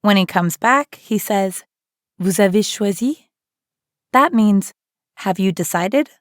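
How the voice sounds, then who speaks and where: A woman's voice: medium pitch, animated, takes it slowly, dry recording. Upbeat woman teaching in a dry studio. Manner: upbeat, encouraging. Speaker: co-host of audio lessons. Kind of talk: scripted lesson narration.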